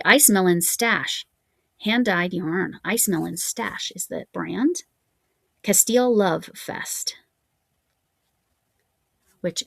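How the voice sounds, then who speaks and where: A woman's voice: fairly low pitch, vocal fry, no echo. A woman crochet vlogger chatting casually at home, musing aloud as she reads out yarn labels. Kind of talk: casual show-and-tell chat.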